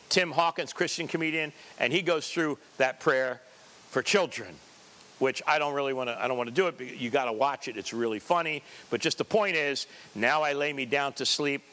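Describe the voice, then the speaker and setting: Pastor, male, high voice with a bright edge, drives points home by repeating them, cracks jokes along the way. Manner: emphatic, repetitive preaching with joking asides. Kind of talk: sermon.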